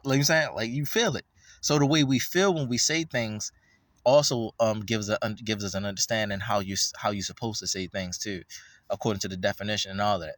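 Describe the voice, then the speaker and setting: A man's voice: lowish voice, fairly bright tone, no room sound, studio quality. A man giving a meandering, casual explanation, filling it with "you know" and "all right" and dropping profane slang as he goes. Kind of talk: rambling explanation.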